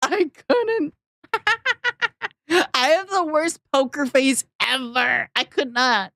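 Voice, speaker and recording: A woman's voice: high voice, animated, takes it slowly, vocal fry, fairly bright tone, no echo, clean studio sound. A woman streamer chatting casually and giggling while reacting to a video.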